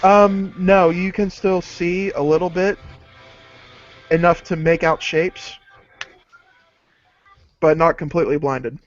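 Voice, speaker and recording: Higher-voiced man running a tabletop game. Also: steady tone, slow, pauses often, soft background music. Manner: casual, with fillers. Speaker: game master. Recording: dull lo-fi dry recording.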